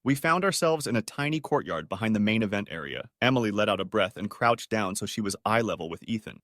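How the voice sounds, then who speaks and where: Brief: male first-person storyteller, lively pitch, close dry sound. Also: fast, few pauses, no room sound. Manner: emotional storytelling. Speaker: story narrator. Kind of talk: scripted first-person narration.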